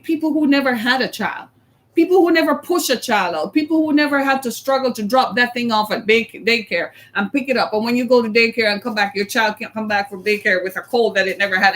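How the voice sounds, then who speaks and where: Emphatic high-voiced woman speaker. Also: a bit bright. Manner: emphatic, repeats a key word, acts out quotes. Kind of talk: motivational talk to an audience.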